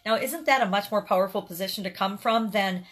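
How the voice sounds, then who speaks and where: A woman's voice: medium pitch, brisk, fairly bright tone. A middle-aged woman giving an earnest, upbeat motivational vlog, often repeating words at the start of her phrases. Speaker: vlogger. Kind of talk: casual motivational talk to camera.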